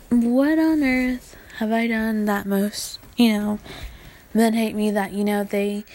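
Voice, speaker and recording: A woman in her twenties hosts a solo podcast in a medium-pitched, darkish voice. Her casual monologue rambles, includes swearing and often drops to a whisper.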